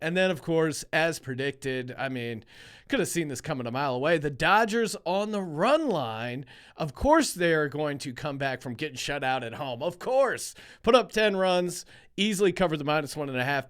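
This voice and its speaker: Brief: man from Philadelphia, podcast host, high smooth voice, joking casual chat. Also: lively intonation, moderate pace, fairly bright tone. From Philadelphia, USA. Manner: chatty, joking, full of restarts.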